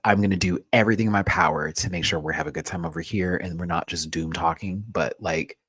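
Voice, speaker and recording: A man hosting a casual livestream, talking in a sassy, slangy way that swings from hushed asides to loud, emphatic pleas. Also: deep voice, steady tone, fast, husky, no room sound. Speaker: host.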